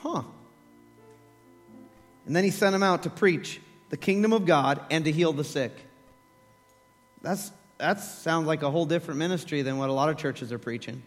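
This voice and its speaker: A man preaches with a high, lively voice, acting out the story as he tells it. His words ring with long reverb through a church hall, with faint music underneath. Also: moderate pace, pauses often. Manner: animated storytelling, acts out voices, laughs. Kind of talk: sermon.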